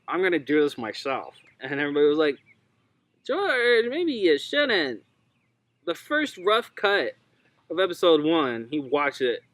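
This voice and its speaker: A man co-hosting a casual chat, animated and acting out quotes in mocking voices. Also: fairly high pitch, dry recording.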